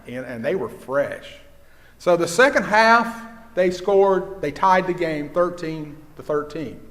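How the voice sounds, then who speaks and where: An older man, a pastor preaching a sermon and telling stories, dropping his voice low for quoted dialogue. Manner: storytelling, with hushed quoted dialogue. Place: church sanctuary. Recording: long church reverb.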